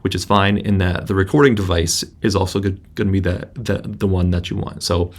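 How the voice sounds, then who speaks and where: Male instructor, deep fry in the voice, halting tutorial delivery, laptop mic. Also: fairly even intonation. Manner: casual, halting, many restarts. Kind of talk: screen-recorded software tutorial. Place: indoor room at a laptop. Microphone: laptop built-in microphone.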